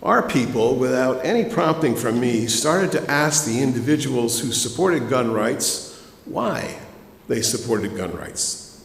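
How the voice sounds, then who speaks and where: A man's voice: mid-range voice, animated, a little slow, creaky. A man, a minister, giving a sermon in a conversational storytelling way and speaking directly to his congregation. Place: church sanctuary. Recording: echoey hall ambience.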